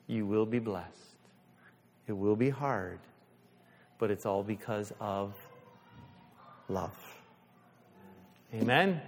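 A man preaching a sermon as pastor, animated, slipping into little voices, then easing into a quiet prayer. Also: on the high side. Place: church sanctuary. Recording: long church reverb.

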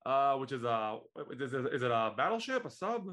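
A man from Israel co-hosting a podcast, retelling a wrestling event in a lively, joking casual chat. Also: mid-range voice, fairly quick, crowd noise. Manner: animated storytelling, laughs often. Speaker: podcast co-host.

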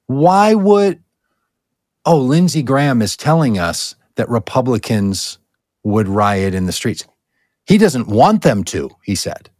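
A man's voice: mid-range voice, very animated, slow pace, a little mellow, dry recording. Male co-host, sarcastic ranter, dry close sound. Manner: sarcastic, ranting. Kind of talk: political commentary chat.

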